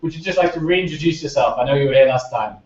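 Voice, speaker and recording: A man's voice: fairly high pitch, fast talker. A man hosting an online science panel on a video call, friendly and prompting speakers in turn. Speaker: panel moderator. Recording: echoey, distant, dull lo-fi call audio.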